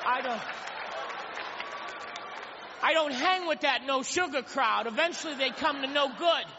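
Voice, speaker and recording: A male stand-up comedian with a very high voice tells rambling, self-mocking stories in an unhurried routine before a live audience on a comedy stage. The lo-fi club recording sounds dull, with echo from a big reverberant room, crowd sound and background noise.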